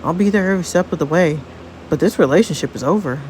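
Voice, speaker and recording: A woman's voice: lowish voice, fast, darkish tone, a little hiss or hum, natural voice, rough recording. A woman voicing a teenage boy who is anxious and blames himself over becoming a father. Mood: serious. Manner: distressed, self-blaming.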